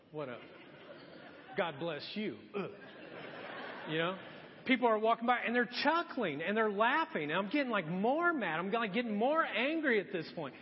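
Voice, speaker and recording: High-voiced pastor preaching in an echoey hall. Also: male voice, slight background noise. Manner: animated storytelling, drops to quiet earnest appeals. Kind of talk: sermon with personal story. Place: church sanctuary. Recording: muffled echoey church hall.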